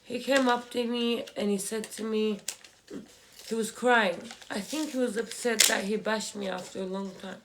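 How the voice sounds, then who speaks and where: A young woman, telling a painful family story in a vlog while crying, halting and repeating herself. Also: medium pitch, fairly even intonation, background noise. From Australia. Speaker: vlogger. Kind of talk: emotional personal story while doing makeup. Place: home room, indoors.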